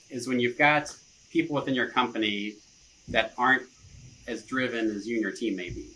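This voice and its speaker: A man's voice: medium pitch, normal speed, pushed and bright, a little hiss or hum, low-quality recording. A man, a marketing director, chatting casually as a podcast guest in an easygoing way, often chuckling and saying "you know". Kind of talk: casual interview chat.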